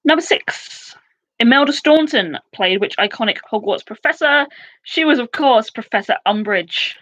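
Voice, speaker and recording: A woman in her twenties hosting a casual live quiz, chatty and excitable, with quick asides. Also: fairly high pitch. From United Kingdom. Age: 20s. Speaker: quiz host.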